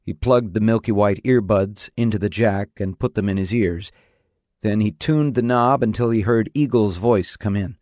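A man narrating a novel on radio in a measured, even storytelling manner. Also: lowish voice, no echo, clean studio sound. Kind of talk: audiobook reading on radio.

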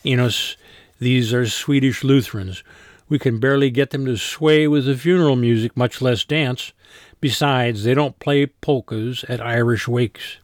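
Audiobook: man doing a snappy, sarcastic woman, raised pitch, blunt delivery. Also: fairly even intonation, measured pace, dry recording, clean studio sound, natural voice. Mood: persuasive. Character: sarcastic blunt woman, nursing home coworker. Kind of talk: audiobook character voice.

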